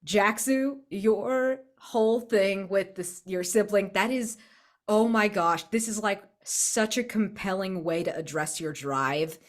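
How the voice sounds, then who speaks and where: Gushing excitable woman. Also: mid-range voice, slow. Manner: gushing, excitable, swears freely. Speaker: tabletop game player. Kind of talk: casual post-game chat.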